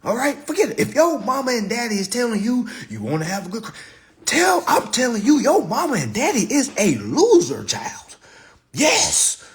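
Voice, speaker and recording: A man giving an animated, preachy monologue to his viewers, mocking and emphatic, with sudden loud jabs. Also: very high voice, normal speed. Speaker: consumer-credit commentator.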